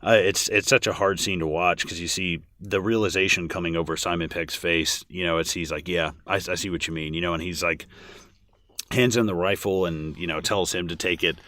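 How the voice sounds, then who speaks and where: A man's voice: low voice, steady tone, normal speed, pushed and bright, no echo, studio quality. A man co-hosting a podcast, chatting casually about a film with lots of restarts and fillers. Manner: rambling with many restarts and fillers. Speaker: podcast co-host. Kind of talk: casual film commentary chat.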